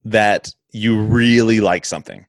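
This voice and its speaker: A laid-back man with a fairly low voice, talking in a loose casual chat. He laughs often, swears easily and trips over his own restarts. The sound is close and dry. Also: fairly even intonation, unhurried, no room sound.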